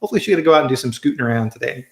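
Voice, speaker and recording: A man's voice: mid-range voice, animated, very fast, echoey room. A man hosting a casual live-stream chat on a video call, friendly and chatty, often restarting his sentences. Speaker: host.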